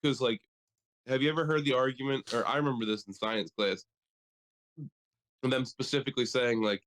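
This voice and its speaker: A man co-hosting a podcast in casual chat, riffing in a profane, animated way. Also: medium pitch, brisk, pauses often. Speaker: podcast co-host.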